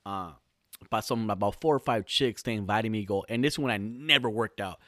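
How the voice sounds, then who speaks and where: On the low side but bright and forceful, the voice of a Southern California podcast host comes across a little fast. He's telling a long, casual comic story, rambling, heavily profane, and full of restarts, recorded in studio quality with no room sound.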